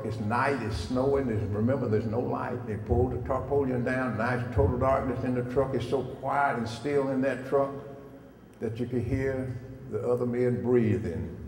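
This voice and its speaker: Holding a microphone in a school hall, an older man shares his life story with students, folksy in tone and often asking them questions. His voice is mid-range with a darkish quality, and the room echoes with a little faint noise.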